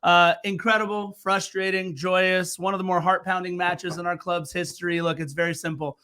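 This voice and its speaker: Bright-voiced excitable male podcast co-host. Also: high voice, moderate pace, clear, resonant tone. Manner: excitable play-by-play recap, teasing. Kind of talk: fan podcast match recap.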